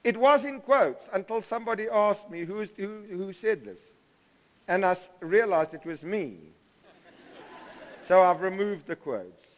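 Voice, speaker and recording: A professor from South Africa lectures to a hall with a high, carrying voice. He stresses and repeats his key phrases and pulls the listeners in. The sound rings with a long hall reverb. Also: animated, unhurried. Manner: emphatic, repeats key phrases, draws the audience in. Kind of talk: public lecture.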